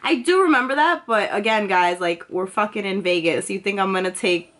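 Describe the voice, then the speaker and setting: A woman's voice: mid-range voice, a little fast, fairly bright tone. A young woman vlogging, telling a personal story in a chatty, casual way, full of filler words and swearing freely.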